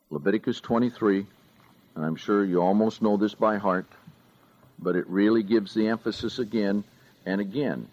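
A man preaching a sermon, reading scripture aloud slowly and with deliberate emphasis. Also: lowish voice, highs cut off.

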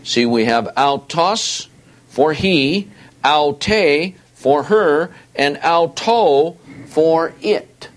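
A male Bible teacher who talks slowly and carefully, with a lot of rise and fall in his pitch. He reads verses aloud and repeats key words to drive home each point. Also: expressive. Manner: deliberate, stresses words and repeats them for emphasis.

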